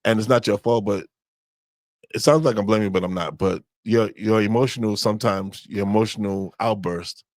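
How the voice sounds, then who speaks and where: Calm, dry-spoken man. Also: on the low side, normal speed, no echo. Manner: calm, dry, matter-of-fact. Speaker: podcast co-host. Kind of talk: casual conversation with spouse.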